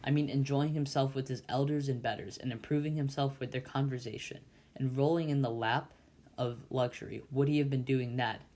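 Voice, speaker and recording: A man's voice: mid-range voice, fairly even intonation, a little fast, a little mellow, close to an everyday voice. A man voicing a pompous, self-satisfied older uncle who lectures a boy at the dinner table, in a storybook reading. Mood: lecturing. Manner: lecturing, bossy.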